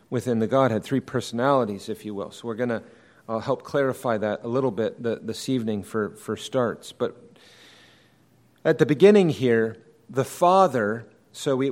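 A man with a medium-pitched, slightly mellow voice preaches an evening sermon, explaining doctrine in a measured, emphatic way and frequently rephrasing his points.

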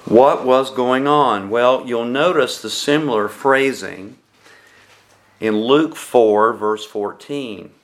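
A man preaching a sermon to his congregation, deliberate and measured, posing rhetorical questions to his listeners. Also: medium pitch. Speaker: pastor.

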